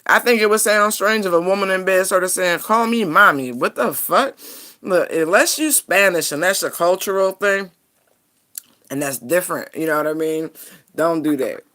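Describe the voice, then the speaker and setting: A woman's voice: fairly low pitch, normal speed, a bit bright. A woman giving a casual tarot reading, talking bluntly and frankly and laughing often. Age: adult parent. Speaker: tarot reader.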